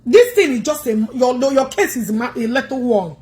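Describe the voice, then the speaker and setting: A Nigerian woman with an Igbo accent rants combatively on a livestream. Her voice sits high, and she scolds her viewers head-on. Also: lively intonation, normal speed, a little mellow.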